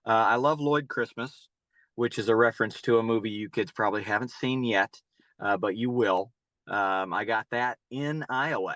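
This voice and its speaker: In a dry recording, a middle-aged man from North Carolina who coaches youth baseball rambles through long stories in response to interview questions, frequently repeating words. His voice is mid-range and a bit bright.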